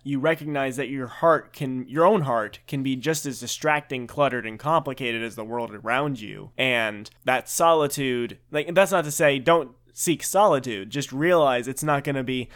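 A man's voice: medium pitch, normal speed, few pauses, fairly bright tone. A man chatting as a guest on a casual review podcast, reflective and given to acting out silly quotes.

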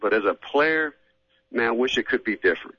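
A man's voice: medium pitch, animated, fairly quick, no echo. A middle-aged man and former football player, a guest in a casual radio interview, talking in a laid-back drawl and saying "man" a lot. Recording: dull lo-fi radio audio.

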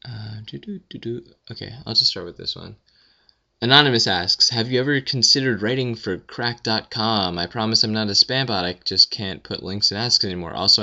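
Young man, just out of bed, rambling self-deprecating vlogger; deep, gravelly, slightly muffled home recording. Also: pushed and bright. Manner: rambling, self-mocking, filler-heavy with frequent "like". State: just woken up. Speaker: blogger answering questions. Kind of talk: casual rambling monologue.

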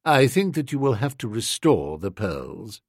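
A man voicing an unflappable male valet who speaks quietly, slowly and formally. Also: mid-range voice, very animated, no echo, studio quality, pitched below the performer's own voice. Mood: composed. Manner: quiet, measured, slow and formal.

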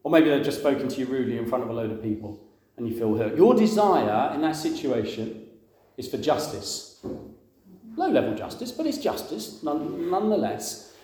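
A man's voice: medium pitch, sing-song, moderate pace, mellow. Conversational man preaching, echoey room. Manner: conversational, asks the audience questions, acts out quoted voices. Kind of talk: sermon.

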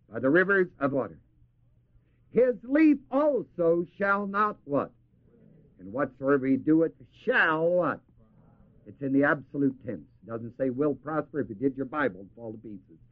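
A male preacher with a fairly high voice that rises and falls with real animation. He chuckles often and keeps stopping so his listeners can call out the end of a verse. The sound is thin and tinny, close to a phone line. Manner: asks the audience to finish verses. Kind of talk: sermon. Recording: tinny lo-fi tape recording.

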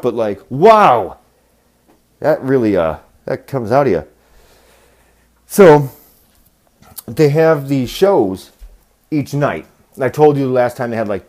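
A man with a medium-pitched, darkish voice hosts a podcast. In a casual monologue, he tells rambling, profane stories and acts out the voices of the people he quotes.

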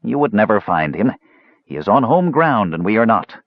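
A man voicing a frail young male mage who talks in a soft, whispering, cool way. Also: fairly low pitch, very animated, moderate pace, no room sound, highs cut off. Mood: cold.

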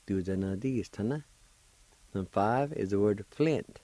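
A middle-aged man teaching a language lesson on radio, spelling and pronouncing words slowly and carefully, syllable by syllable. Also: lowish voice, warm tone, dry recording.

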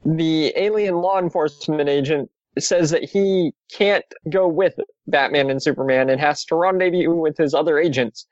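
A man's voice: on the high side, normal speed, hardly any pauses, no echo, dull audio. A man casually recapping an old comic book story on a podcast, with dry asides. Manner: steady summarizing, dry asides. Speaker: podcast host.

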